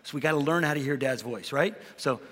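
A man, a pastor, talking about faith and telling Bible stories with lively energy that rises into preaching. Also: on the high side, quick pace, in a large hall. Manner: animated storyteller, rises into preaching. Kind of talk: conversational faith talk with storytelling.

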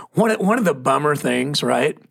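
A middle-aged man with a Texan accent and a gravelly, husky voice. He tells stories in a relaxed podcast chat and slips into the voices of the people he quotes. The sound is dry and close, with no room in it. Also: on the high side, slow pace, no echo. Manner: storytelling, acts out quoted voices. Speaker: pastor. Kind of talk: casual podcast conversation.

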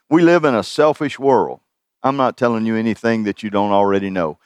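A man's voice: on the low side, fairly quick, smooth, dry recording, studio quality. A middle-aged man preaching a sermon in a folksy, conversational way, chuckling at his own asides. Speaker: pastor.

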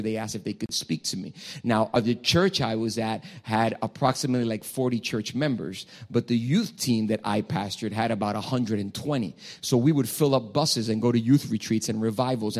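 Animated storytelling male pastor. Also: medium pitch. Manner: animated storytelling with many restarts. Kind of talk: sermon.

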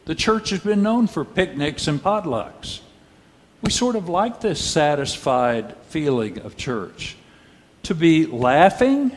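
A pastor delivers his sermon slowly and deliberately, his voice a touch higher than most men's. He poses pointed rhetorical questions and drops dry, wry asides. His words ring out with a long reverb in a church sanctuary.

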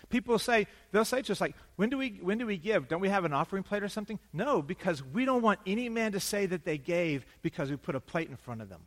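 Animated pastor in a reverberant hall. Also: male voice, fairly high pitch. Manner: animated, swinging from loud emphasis to hushed asides. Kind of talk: sermon. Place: church sanctuary.

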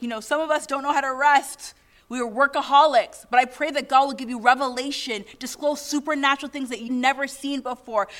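A woman's voice: high-pitched, bright, forceful tone. A woman pastor preaching a sermon to her church, earnest and exhorting as she reads scripture and prays over the congregation.

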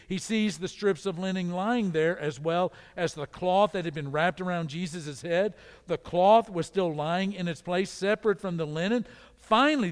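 A man preaching a sermon, moving between loud emphatic repeated calls and quiet, low storytelling. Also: in a large hall.

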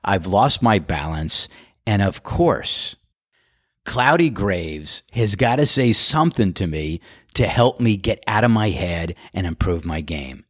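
Deep-voiced man telling golf stories. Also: lively intonation, a little slow, fairly bright tone, no room sound, clean studio sound. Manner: chatty, laughs while telling anecdotes. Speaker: podcast host. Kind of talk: casual storytelling monologue.

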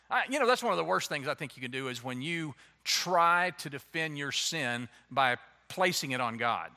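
A man preaching a sermon as a pastor, animated and slipping into playful voices to act out excuses. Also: a little high. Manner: animated, acts out quoted excuses in changing voices.

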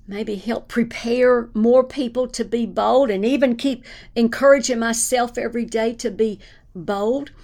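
A woman delivers a fervent sermon in a gravelly voice with a noticeable fry. She swings from emphatic preaching down to hushed, whispered prayer. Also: fairly high pitch.

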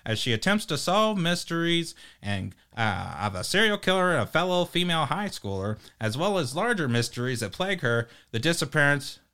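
Bright-voiced New Jersey man hosting a crude podcast parody, stumbling over his read-aloud. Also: on the high side, big pitch swings, a little fast, few pauses, smooth. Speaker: podcast host.

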